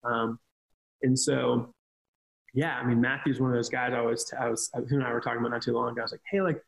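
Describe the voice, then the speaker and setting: A man's voice: mid-range voice, level tone, quick pace, vocal fry, rough recording. A man talking casually on a podcast, telling earnest stories about ministry with frequent restarts. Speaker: ministry leader.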